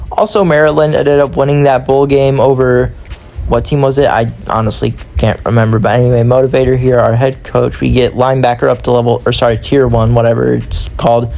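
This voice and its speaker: A man's voice: medium pitch, creaky, a little mellow. A man giving casual, rambling commentary on a football video game, with a voice strained from long recording and self-deprecating asides. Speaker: gaming YouTuber.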